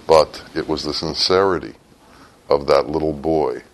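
A man teaching a sermon through a story, with sudden loud, high bursts breaking up his low, quiet telling. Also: unhurried, rough recording.

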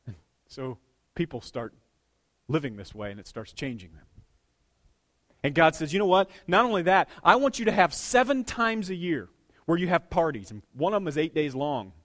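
A man preaching a sermon as a pastor, swinging between hushed, intimate lines and loud, excited bursts. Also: on the high side, normal speed.

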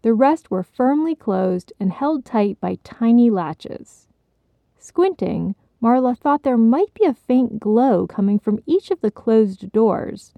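Woman storyteller, measured read, gravelly and dark, dry close sound. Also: a little high, animated, no room sound, phone-quality sound. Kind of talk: scripted story narration.

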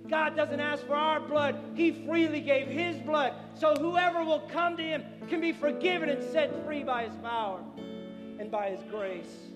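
High-pitched pastor guy preaching, long church echo, music playing underneath. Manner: animated preaching, acting out the people he quotes. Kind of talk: sermon. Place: church sanctuary. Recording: echoey hall with music.

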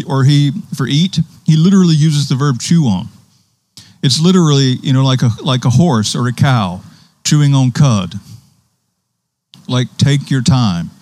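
Male preacher, mid-pitched, conversational sermon delivery, dry close recording. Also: measured pace, darkish tone, dry recording. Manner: conversational preaching, quotes scripture with emphasis.

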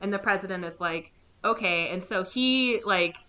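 Bright-voiced woman rambling through a plot. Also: mid-range voice, normal speed, muffled recording. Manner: rambling, lots of "like", acts out characters' lines. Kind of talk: casual movie recap.

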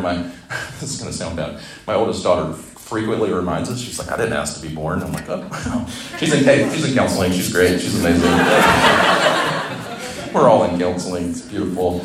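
Middle-aged male preacher, low voice, loose and joking, echoey hall sound. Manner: conversational, humorous preaching with asides. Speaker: campus ministry speaker. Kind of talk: conference sermon. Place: conference hall. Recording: roomy hall echo.

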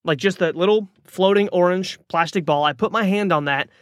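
A man's voice: high voice, brisk, clear, resonant tone, dry recording, studio quality. A man hosting a podcast, telling a personal story in a motivational monologue, talking casually with lots of fillers and restarts. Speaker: podcast host.

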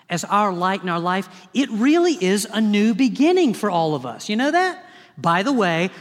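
A pastor whose voice sits high gives an animated, theatrical sermon with humorous asides. It was recorded in a church sanctuary, and the sound is roomy and large.

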